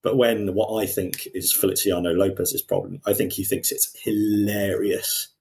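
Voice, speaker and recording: Low-voiced man, animated podcast talk. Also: moderate pace, gravelly. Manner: animated, quotes people in put-on voices, frequent restarts. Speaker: podcast co-host. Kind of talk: casual discussion.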